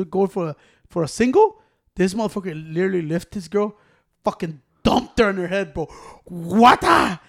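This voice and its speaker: A man co-hosting a casual chat, talking in a profane, animated way and saying "bro" a lot. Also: sits high.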